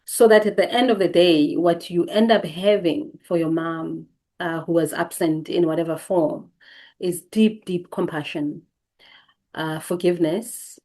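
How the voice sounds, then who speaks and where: A woman hosts a reflective teaching talk in a somewhat low voice. She speaks gently and leans on repetition, circling back to words for emphasis. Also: unhurried. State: briefly emotional. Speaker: host.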